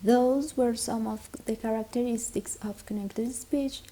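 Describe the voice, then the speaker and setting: A woman with Spanish as her first language explaining her group's project slowly in a class presentation. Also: on the high side, fairly even intonation, dark tone, breathy edge. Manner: slow, explanatory. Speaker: student presenter.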